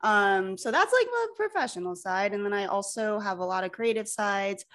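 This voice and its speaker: A woman from New Jersey chats as a podcast guest over a video call. She sounds bubbly and laughs easily, and her pitch sits in the middle. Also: expressive, normal speed, fairly bright tone. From New Jersey, United States. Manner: bubbly, laughs often, many "like" fillers. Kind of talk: casual chat.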